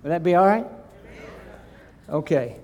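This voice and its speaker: Slow-speaking older preacher. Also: male voice, a little high, animated, highs cut off. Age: 60s or 70s. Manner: folksy, self-deprecating, then reverent in prayer. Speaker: visiting preacher. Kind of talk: sermon. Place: church.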